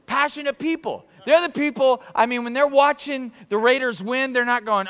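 Animated high-voiced preacher in a hall. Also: male voice, moderate pace, smooth. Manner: animated, excitable, conversational. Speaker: pastor. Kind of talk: sermon. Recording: long hall reverb.

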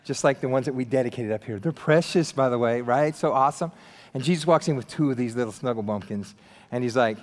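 Animated male pastor in reverb. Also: medium pitch, fast talker. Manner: animated, acts out quoted voices, casual slang. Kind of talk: sermon.

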